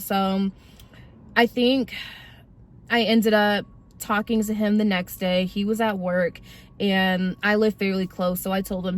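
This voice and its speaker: A woman's voice: medium pitch, unhurried. Casual young woman telling her testimony. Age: 20s. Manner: casual, animated, slangy, addresses viewers directly. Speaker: vlogger sharing her testimony. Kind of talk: personal testimony storytelling.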